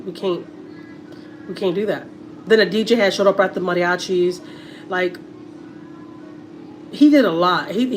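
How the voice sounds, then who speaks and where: A middle-aged woman with a Texas accent and a lowish voice chats casually to viewers on a family livestream. She repeats words and uses many fillers, and a little hiss or hum can be heard.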